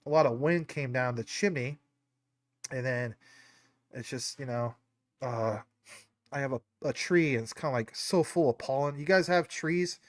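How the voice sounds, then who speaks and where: A man's voice: medium pitch, moderate pace, long pauses, no room sound, clean studio sound. A man hosting a live stream, talking in a rambling, casual way with lots of fillers, his nose a bit stuffy. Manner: rambling, many fillers and tangents. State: stuffy nose, a little choked up. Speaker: livestream host.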